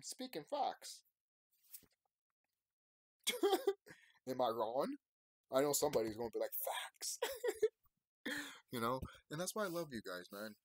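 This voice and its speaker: Husky guy in his thirties, talks straight at the camera, pitch jumps all over, repeats his points, dead dry room. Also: no echo. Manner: emphatic, rambling, repeats himself. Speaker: YouTuber. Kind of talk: casual unscripted monologue to subscribers.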